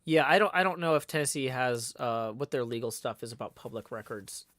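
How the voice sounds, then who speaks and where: A man's voice: mid-range voice, fairly quick, a bit bright, no echo, studio quality. A man hosting a casual livestream, talking in a rambling, irritated way with many restarts. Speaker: livestream host.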